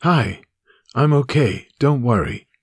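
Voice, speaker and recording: A man narrating a memoir voices his older mother, gently insisting she is fine. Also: mid-range voice, animated, slow pace, breathy edge, no echo, studio quality, voice pushed up. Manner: soft and reassuring. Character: older mother, brave and calm.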